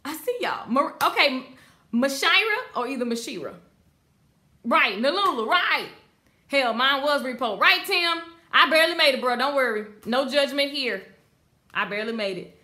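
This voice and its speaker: This live online hairstyling class is led by a beauty business coach with a high-pitched voice and a moderate pace. Emphatic and lively, she speaks right to viewers and reads aloud what they comment.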